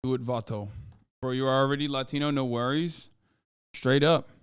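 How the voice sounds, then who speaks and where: Hyped male streamer, crisp dry voice. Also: mid-range voice, steady tone, normal speed, no room sound. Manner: jokey, hyped, reads chat aloud. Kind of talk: casual live-stream chat. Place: home studio in Los Angeles.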